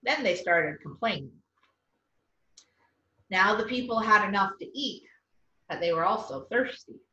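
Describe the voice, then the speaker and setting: A woman storyteller reading a children's story aloud, expressive and gentle, recorded in a church far from the mic with echo and dull sound. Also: medium pitch, unhurried.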